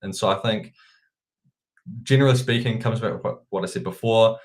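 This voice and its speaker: A guest analyst with a New Zealand accent chats casually about markets and crypto in a lowish, fairly quick voice. He's relaxed and often repeats words while he thinks.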